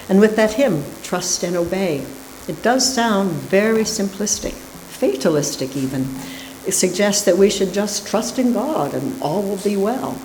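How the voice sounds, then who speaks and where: Low-voiced woman preaching a sermon. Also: poor audio. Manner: storytelling with animated character voices in a joke. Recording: faint hiss.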